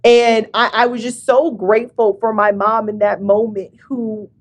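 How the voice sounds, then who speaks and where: A woman's voice: a little high, flat delivery, a little slow. A young woman telling an emotional personal testimony as a guest, often filling with "like". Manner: emotional, many fillers like "like".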